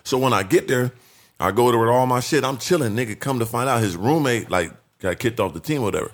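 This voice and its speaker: A man telling a story as a podcast guest in animated street slang, full of profanity, acting out what people said. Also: medium pitch, fast. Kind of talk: casual storytelling.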